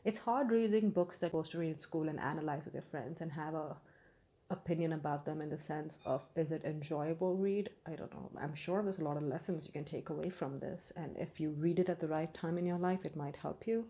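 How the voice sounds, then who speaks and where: A woman's voice: low voice, fairly even intonation, brisk, warm tone. A young woman giving a casual, candid book review, opinionated and full of fillers and restarts.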